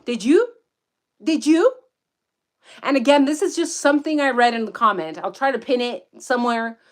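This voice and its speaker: A woman giving casual livestream commentary outdoors in the woods, profane, excitable and rambling as she reads the chat. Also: high voice. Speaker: true-crime commentator.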